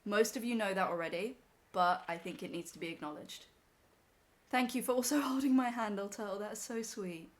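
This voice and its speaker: A woman's voice: medium pitch, moderate pace. A young woman on a live stream, emotional and teary as she talks to her chat from home.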